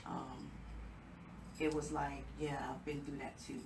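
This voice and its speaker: A tired woman, a guest author, answering interview questions in a quiet, halting way with many pauses. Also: a bass voice, flat delivery. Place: radio studio. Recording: distant, echoey mic with noise.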